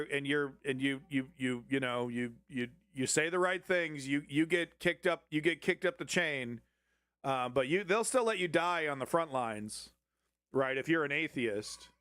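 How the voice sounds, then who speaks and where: An excitable man chiming in with profane reactions. His voice is a bit high and his words tumble out in repeats and restarts, recorded dry and close with no room sound. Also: clear, resonant tone, no room sound. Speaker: news show co-host. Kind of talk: casual reactive commentary.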